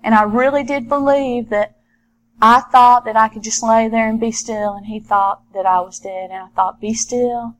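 A middle-aged woman, a former police officer, telling her own story in an earnest, halting way with many repeated starts. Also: on the high side, fairly even intonation, low-quality recording. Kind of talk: personal testimony storytelling.

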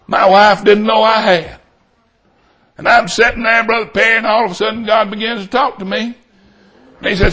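A middle-aged man preaching a storytelling sermon, shouting for emphasis and then dropping to a hush. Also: high-pitched, fairly even intonation, normal speed, pauses often.

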